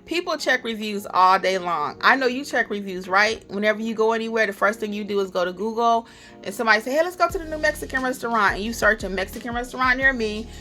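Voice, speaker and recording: Woman notary educator, bright and a touch high, chatty how-to delivery, faint music bed. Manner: chatty, animated, acts out little client dialogues. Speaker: notary educator and channel host. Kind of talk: upbeat how-to tips to camera.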